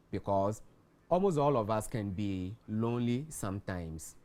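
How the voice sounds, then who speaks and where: A man with a Ghanaian English accent, a guest explaining warning signs in a measured way, repeating key words for emphasis. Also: fairly low pitch, dark tone. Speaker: guest expert on mental health. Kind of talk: explanatory studio talk.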